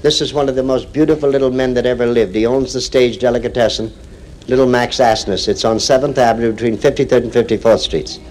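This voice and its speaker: A man's voice: mid-range voice, steady tone, fast talker, a little mellow, poor audio. A man telling jokes on stage in a chatty, storytelling stand-up delivery. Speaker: comedian.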